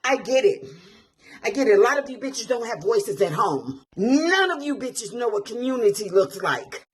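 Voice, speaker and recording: Woman vlogger, enraged rant, swearing, near tears, higher voice. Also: very animated, moderate pace. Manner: furious, swearing, emotional. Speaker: commentator. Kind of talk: angry vlog rant.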